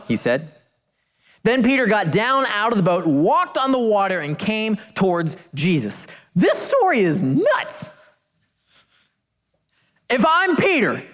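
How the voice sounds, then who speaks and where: Woman preacher, lively pitch swings, emphatic sermon delivery with playful asides. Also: in a large hall. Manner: animated, emphatic, jokey asides, slows for key phrases.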